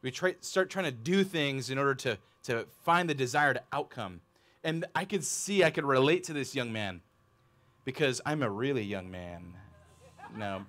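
A man in his thirties preaching a sermon in a church, animated and conversational, often asking the congregation questions. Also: mid-range voice, moderate pace. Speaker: pastor.

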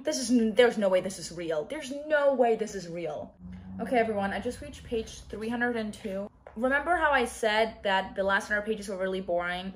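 A woman talking casually in a reading vlog, giving dramatic, exclaiming reactions as she reads. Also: medium pitch. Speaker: book vlogger.

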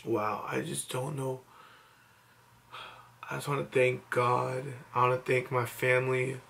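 A man's voice: medium pitch, little pitch movement, measured pace, gravelly, a bit bright. A young man vlogging at home late at night, overwhelmed and teary with disbelief, just woken up. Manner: overwhelmed, emotional, breathless disbelief. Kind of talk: late-night excited selfie vlog.

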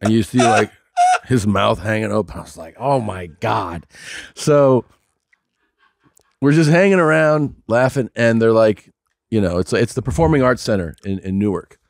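A man's voice: fairly low pitch, normal speed, creaky, dry recording, studio quality. A man in his forties, co-hosting a podcast, telling a story in casual chat and acting out what people said. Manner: animated storyteller acting out quotes. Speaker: podcast co-host.

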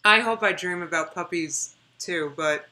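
A chatty woman in her thirties talks straight to her stream audience in a bright, forward voice. She leans on repeated words to make a point and keeps it loose and conversational. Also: fairly low pitch, measured pace. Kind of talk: casual reaction livestream chat.

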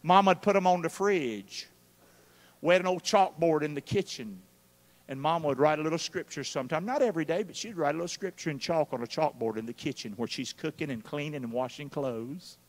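A man preaching a live sermon, calling out for responses from the congregation and swinging between loud and hushed. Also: fairly high pitch, lively intonation, a little fast. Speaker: pastor. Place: church sanctuary during a live service. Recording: long hall reverb of a church.

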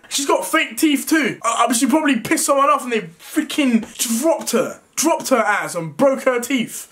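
A young man with a high, sharp voice rants to his viewers in a vlog. He talks in agitated bursts, stumbling and restarting mid-sentence. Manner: agitated, stammering, frequent restarts. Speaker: YouTuber. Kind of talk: emotional vlog rant.

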